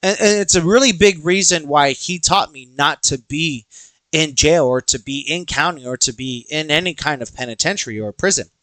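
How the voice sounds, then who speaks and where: A man's voice: fairly high pitch, moderate pace, dry recording. A young man hosting a podcast, telling a personal story casually, acting out quoted voices and swearing freely. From Texas. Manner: animated, acts out quoted dialogue, swears freely. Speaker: podcast host.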